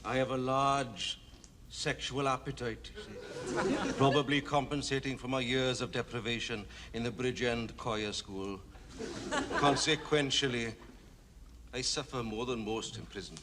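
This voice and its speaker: A man's voice: mid-range voice, steady tone, a little slow, lightly acted. Guy doing a earnest con, plain middle voice, noisy old tv sound. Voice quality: earnest, matter-of-fact. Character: solemn oversexed Welsh male inmate. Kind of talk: 1970s sitcom acting.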